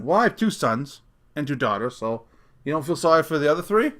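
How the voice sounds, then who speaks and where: A man's voice: fairly high pitch, big pitch swings, a little fast, long pauses, a bit bright. A middle-aged man hosting a comedic solo podcast rant, sarcastic and mocking, breaking into laughter often. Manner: laughs often between sentences. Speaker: podcast host.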